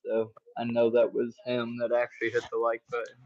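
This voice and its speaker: A man hosts a casual livestream from home in a laid-back, rambling way, full of "like" fillers. His mid-pitched voice comes through dull, lo-fi stream audio. The sound is dry and close. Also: completely flat delivery, fairly quick, darkish tone, no echo. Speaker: livestream host.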